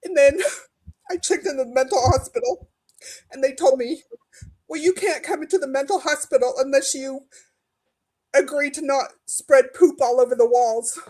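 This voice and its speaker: A woman with a high voice tells her story on a video call. Her voice often rises and breaks as she gets upset. She talks plainly, the way people do in an open group conversation. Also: normal speed, darkish tone, low-quality recording. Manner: emotional, voice breaking into tears at times. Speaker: discussion participant. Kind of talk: personal story in a group discussion.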